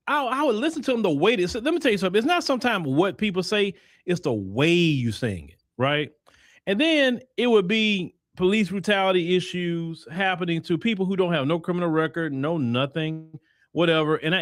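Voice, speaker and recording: A man's voice: on the high side, animated, moderate pace, fairly bright tone, no echo, studio quality. Emphatic Texan man hosting commentary. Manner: emphatic, preachy, mocking quoted voices. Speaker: host. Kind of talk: commentary monologue.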